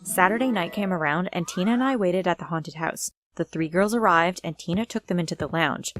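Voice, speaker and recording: Young woman, lowish voice, dramatic first-person storytime narration over soft music. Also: a little fast. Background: faint music.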